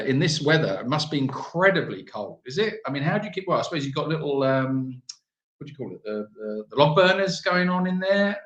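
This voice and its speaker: A man's voice: mid-range voice, fairly bright tone, reverberant, highs cut off. A man hosting a live stream, reading out viewer messages and joking with them in a casual chat.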